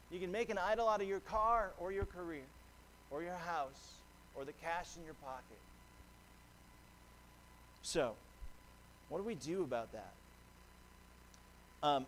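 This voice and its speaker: A man's voice: fairly high pitch, slight background noise. A man preaching a sermon as pastor, earnest and conversational, often restarting a phrase. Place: church sanctuary.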